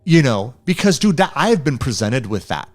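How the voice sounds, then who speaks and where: Male podcast co-host, mid-range voice, lively casual chat, swears freely. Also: mid-range voice, moderate pace, faint music behind. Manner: animated, swears freely, laughs often. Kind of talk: casual film review chat.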